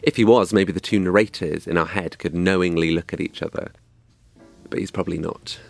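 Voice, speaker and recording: A man's voice: deep voice, steady tone, a little fast, vocal fry, faint music behind. A young man from England telling a scripted comic story in a wry, dry, self-mocking way. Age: young adult.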